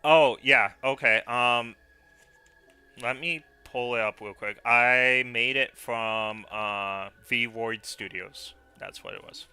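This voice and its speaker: A man's voice: medium pitch, slow pace, pushed and bright, clear, resonant tone, dry recording, soft background music. A man streaming a video game, chatting casually and hesitating often with fillers and restarts.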